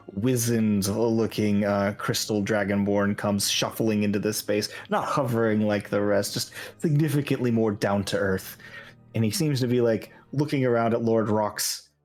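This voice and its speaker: A man with a fairly low voice, narrating a tabletop game in a relaxed, descriptive manner with plenty of "like" and "uh". Soft music runs underneath him. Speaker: game master.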